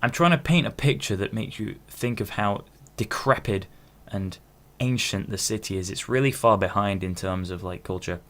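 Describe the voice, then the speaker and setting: A man in his twenties hosts a podcast solo, rambling and interrupting himself with casual swearing. His lowish, fairly bright voice moves at a moderate pace with hardly any pauses.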